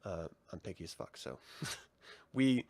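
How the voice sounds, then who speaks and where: A man's voice: low voice, lively intonation, measured pace, mellow, a little hiss or hum. Laughing, swearing male reviewer. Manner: profane, laughing, acts out quotes. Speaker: co-host reviewing a TV episode. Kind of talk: casual chat.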